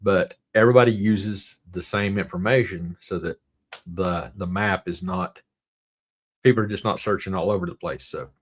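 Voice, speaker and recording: A man's voice: deep voice, moderate pace, breathy edge. A man with a Southern drawl hosting a casual livestream, rambling along and reading viewer comments aloud. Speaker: livestream host.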